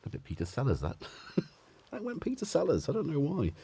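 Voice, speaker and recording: A man's voice: fairly high pitch, wildly swooping pitch, fairly quick, mellow, husky, no echo. Rambling man, chatty livestream host. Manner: rambling and chatty, laughs often. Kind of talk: casual livestream chat.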